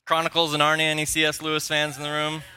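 Brief: male pastor preaching in church, bright tone, playful, geeky, excitable. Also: fairly high pitch, fast talker, a little hiss or hum. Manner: playful, excitable, self-deprecating, nerdy enthusiasm. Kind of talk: sermon. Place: church sanctuary.

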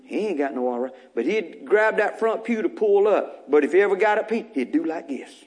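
A man's voice: sits high, expressive, moderate pace. A male pastor, preaching a folksy, fervent sermon full of repetition in a church. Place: church sanctuary.

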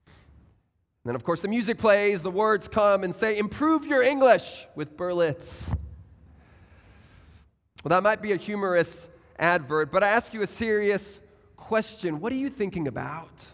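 A man's voice: high-pitched, normal speed, a bit bright. A man preaching a sermon as pastor, speaking earnestly and putting direct questions to his congregation. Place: church sanctuary. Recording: church hall with long reverb.

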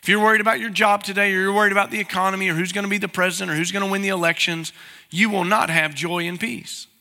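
High gravelly pastor preaching. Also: male voice, fairly even intonation, fast, sharp tone, big-room sound. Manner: conversational, asks the congregation questions. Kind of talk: sermon.

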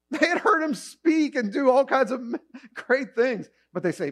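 Male pastor, high voice, lively sermon delivery with acted-out quotes. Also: unhurried. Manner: animated, acts out voices in quotes. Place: church auditorium, also streamed online.

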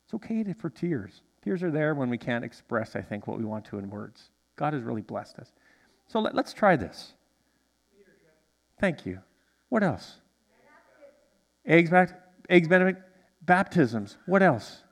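A male pastor preaching a sermon in a church, animated and drawing responses from the congregation. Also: a little high, unhurried, gravelly, pauses often, in a large hall. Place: church sanctuary.

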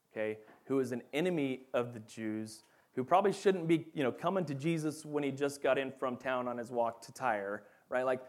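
A man teaching a Bible lesson in a casual, animated way, often checking in with his listeners. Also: mid-range voice. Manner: animated, acts out quoted voices, frequent "right?" and "okay?".

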